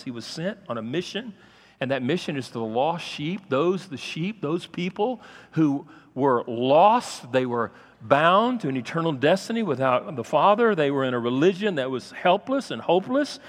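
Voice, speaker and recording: A man pastor preaching a sermon, swinging from loud, raised passages to quiet asides. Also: a little high, sing-song, normal speed, in a large hall.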